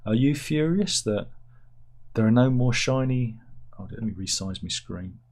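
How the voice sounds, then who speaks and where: A man's voice: medium pitch, expressive, unhurried, a little mellow. A man hosting a casual satirical news chat, rambling and interrupting himself with asides. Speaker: host reading news stories.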